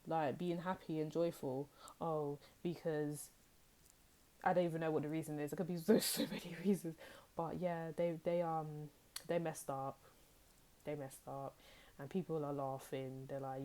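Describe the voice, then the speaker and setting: Low-voiced chatty British woman reading tarot. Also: warm tone. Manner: chatty, acts out quoted people with playful voices. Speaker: tarot reader. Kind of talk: casual tarot reading to viewers.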